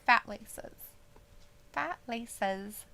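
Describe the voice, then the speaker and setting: A woman's voice: a little high, extremely slow, creaky, bright, forceful tone. A woman from Idaho co-hosting a wrestling watch-along stream, chatting casually, reading out the live chat and laughing often.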